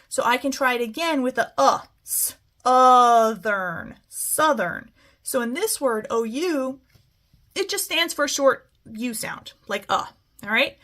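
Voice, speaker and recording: A woman's voice: a little high, pushed and bright. A woman teaching a phonics lesson, stretching out words sound by sound and often checking in with "okay?". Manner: patient, keeps asking "okay?".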